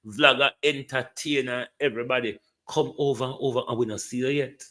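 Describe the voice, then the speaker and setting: A man with a Jamaican accent speaks fairly quickly in a medium-pitched, fairly bright voice with fairly even intonation. He delivers heated, scornful political commentary, repeatedly addressing the Prime Minister and mixing Jamaican Patois into his English.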